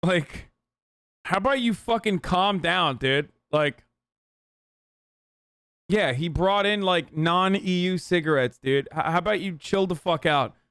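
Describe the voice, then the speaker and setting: A young man in casual reaction commentary, profane and incredulous, sneering at what he watches. His voice sits high and comes through smooth and resonant. The recording is close and dry, with no room sound. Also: takes it slowly, long pauses, fairly bright tone, no echo. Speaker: streamer reacting to a TV show.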